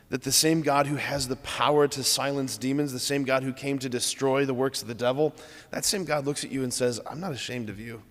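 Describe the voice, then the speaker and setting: A man's voice: mid-range voice, fairly bright tone. Priest guy preaching a homily, earnest and chatty, echoey church sound. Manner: earnest, conversational, frequent "like". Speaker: Catholic priest.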